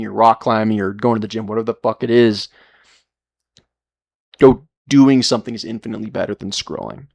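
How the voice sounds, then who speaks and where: Male streamer, casual and profane, mid-pitch voice, trips over his words. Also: gravelly. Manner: rambling, profane motivational rant with many restarts. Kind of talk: casual live-stream talk.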